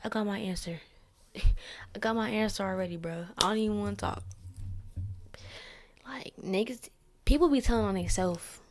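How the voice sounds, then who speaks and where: A woman's voice: medium pitch, normal speed, pauses often, slight background noise. A young woman hosting a solo podcast, giving blunt, profane, preachy relationship advice in casual slang. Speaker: podcast host. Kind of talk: candid solo venting podcast.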